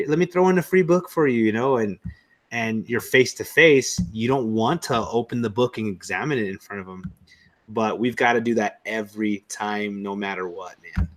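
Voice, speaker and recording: A Texan man hosting a casual chat, telling a lively story and saying "man" a lot. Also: on the low side, normal speed. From Texas. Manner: storytelling, animated. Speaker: podcast host.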